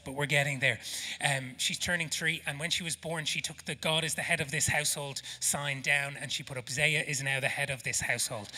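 A man in his thirties with an Irish accent, preaching a sermon with humor and passion, dropping to hushed near-whispers when he prays. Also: on the high side, breathy edge. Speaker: pastor. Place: church auditorium. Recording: echoey church hall.

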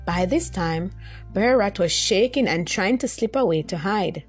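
A woman tells a folktale in a lively, expressive storytelling voice, with her pitch rising and falling in wide swings. Her voice sits in a middle range. Faint music plays softly behind her. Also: unhurried, breathy edge. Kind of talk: scripted folktale narration.

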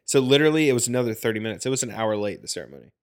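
A man's voice: medium pitch, animated, racing. A man co-hosting a casual podcast, a wedding photographer who chimes in chattily and laughs along.

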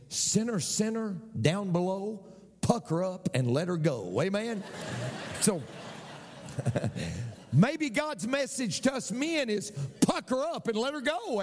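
Male pastor, slow and animated sermon delivery, big echoing hall. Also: on the high side. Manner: preaching with call-and-response "Amen?" and repeated phrases.

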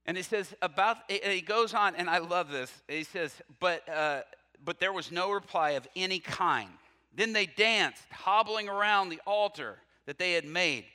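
A man preaching a sermon, reading scripture aloud with lively asides, laughing often and questioning his listeners. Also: high voice, normal speed. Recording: long reverb from a hall.

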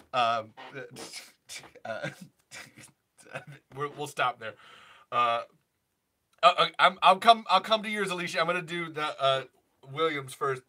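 A man's voice: medium pitch, animated, moderate pace, bright, forceful tone. A man hosting a casual impressions chat, giggly and rambling, with many fillers. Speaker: impressionist host.

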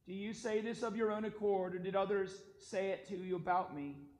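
Liturgical reading: a man voicing a quiet, measured, solemn king, echoey church sanctuary. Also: high-pitched, fairly even intonation, natural voice. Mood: calm solemn. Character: calm, solemn accused prophet-king, adult man.

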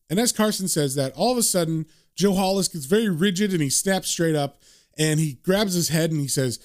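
A man casually retelling a comic book story, animated and relishing the gory scenes. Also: on the high side, fairly quick.

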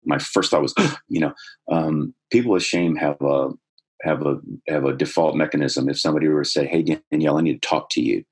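A middle-aged man with a husky voice, earnestly telling a personal story in conversation, growing more animated as he goes. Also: a bass voice, a little fast. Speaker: guest telling his life story.

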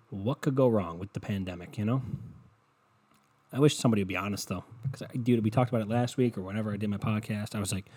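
A man's voice: on the low side, fast, a little mellow. A man hosting his own podcast alone, ranting in a profane, sarcastic, frustrated way into a home mic indoors. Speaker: podcast host. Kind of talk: casual solo podcast rant. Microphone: USB podcast mic with windscreen.

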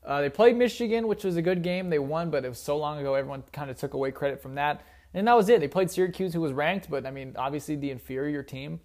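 A man's voice: on the high side, fast talker, a little mellow. A young man giving casual, opinionated solo sports talk as a commentator, rambling with frequent fillers.

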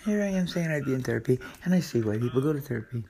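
A man's voice: medium pitch, lively intonation, racing, creaky, warm tone. A man hosting his own podcast, talking in a rambling, scattered, confessional way in a casual monologue. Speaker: podcast host. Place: friend's house in the country.

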